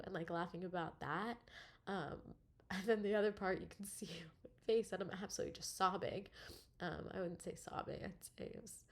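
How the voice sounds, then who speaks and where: A woman's voice: on the low side, brisk. A young woman in a personal video diary, close to tears, laughing nervously between words and using many fillers. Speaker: vlogger.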